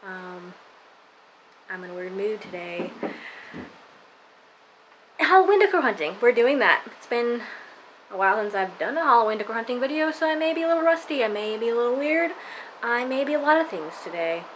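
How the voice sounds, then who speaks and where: A woman's voice: fairly high pitch, big pitch swings, a little fast, pauses often, slight background noise, rough recording. A tired woman chatting casually to her viewers at home, rambling and playful as she goes. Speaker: vlogger. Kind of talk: casual vlog chat.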